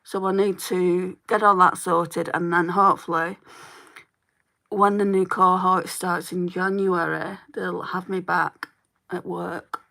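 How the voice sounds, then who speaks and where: Slow-spoken Lancashire woman with a bright voice. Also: lowish voice, level tone, vocal fry. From Northwest England. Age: 40s. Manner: chatty, reads out and answers viewer comments. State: slightly hoarse throat. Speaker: makeup livestreamer. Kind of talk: live makeup tutorial chat.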